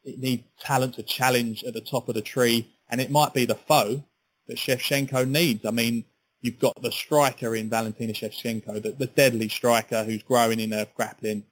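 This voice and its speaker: A man's voice: mid-range voice, steady tone, moderate pace, poor audio. A man co-hosting a sports podcast in casual, chatty talk, often repeating his words. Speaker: podcast co-host.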